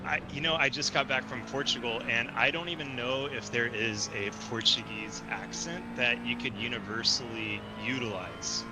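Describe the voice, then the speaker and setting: A man from the stream's support crew, chatting casually and relaxed with the host. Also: medium pitch, moderate pace, few pauses, noisy background.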